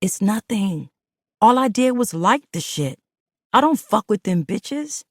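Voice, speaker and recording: A woman's voice: medium pitch, big pitch swings, measured pace, dry recording, clean studio sound, voice pushed up. A woman narrator voicing a young man who pleads and coaxes his girlfriend to forgive him, in audiobook dialogue. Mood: coaxing. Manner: pleading, coaxing, streetwise. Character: pleading young man, smooth-talking boyfriend.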